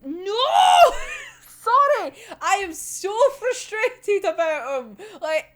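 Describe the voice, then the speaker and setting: A woman's voice: extremely high pitch, wildly swooping pitch, very slow, fairly bright tone. A young woman in a casual, profane reaction rant, exasperated and breaking into laughter. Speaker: manga reviewer.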